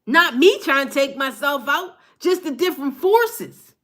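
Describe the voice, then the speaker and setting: A woman's voice: high voice, lively intonation, a little slow, a bit bright. A woman giving a passionate, fired-up spiritual card reading on her phone from her table at home, repeating lines for emphasis. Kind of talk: live-streamed motivational reading.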